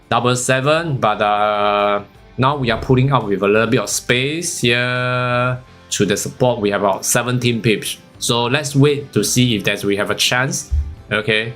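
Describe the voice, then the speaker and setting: Singaporean male stream host, casual and unhurried, giggly asides, light guitar music underneath. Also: medium pitch, fairly bright tone. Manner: chatty, giggly, lots of "okay" and "huh". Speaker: forex live-stream host. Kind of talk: casual chat during live trading.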